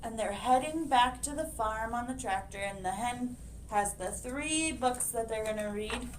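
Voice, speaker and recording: A woman librarian reading a picture book aloud to children, expressive and animated, pointing out the pictures. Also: on the high side, a little slow, a little hiss or hum.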